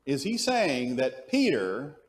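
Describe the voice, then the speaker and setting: His mid-range voice swoops wildly in pitch and moves slowly as he teaches an adult Bible class at church. He puts questions to the class, supplies the answers himself, and keeps restarting sentences as he thinks aloud.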